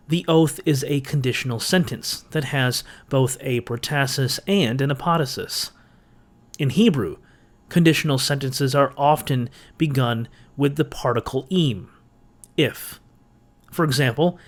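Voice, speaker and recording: Man giving a methodical Greek grammar lecture. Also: mid-range voice. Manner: methodical, explanatory, dry humor. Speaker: biblical studies channel host. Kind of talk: scripted lecture narration.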